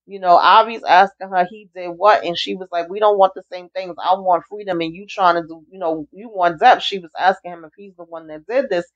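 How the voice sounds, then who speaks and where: A woman's voice: fairly low pitch, steady tone, brisk, hardly any pauses. A woman giving a casual, chatty TV episode recap, acting out the characters' lines as she retells each scene. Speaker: TV recap reviewer. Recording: dull lo-fi recording.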